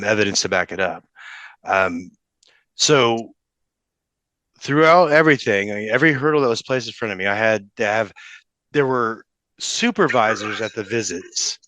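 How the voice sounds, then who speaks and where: A young adult man, a podcast guest, talking emotionally with halting restarts. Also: lowish voice, fairly bright tone, no room sound. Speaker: podcast guest, father in custody case. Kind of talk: casual interview talk.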